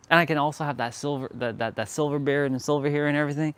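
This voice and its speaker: A man's voice: on the high side, fairly even intonation, racing, fairly bright tone, clear, resonant tone. A young man from Canada hosting a fitness livestream, talking casually with a laid-back, slangy, laughing manner.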